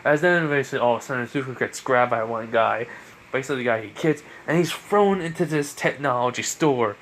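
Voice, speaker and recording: A man's voice: mid-range voice, fairly quick, fairly bright tone, slight background noise. A man casually narrating a fan story, rambling with many fillers.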